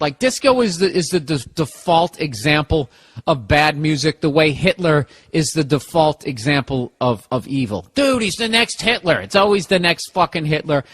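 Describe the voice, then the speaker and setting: A middle-aged man delivers a solo podcast monologue with plenty of swearing and sarcasm. His voice sits a little high for a man. He rambles loosely and casually, like someone griping to friends. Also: a bit bright. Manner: ranting, profane, sarcastic. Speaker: podcast host.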